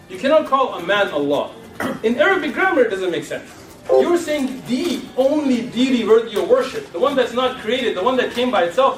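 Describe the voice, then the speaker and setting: A man giving a lecture to an audience in a lecture room, asking rhetorical questions and teasing his listeners. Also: very high voice. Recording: echoey room from far off.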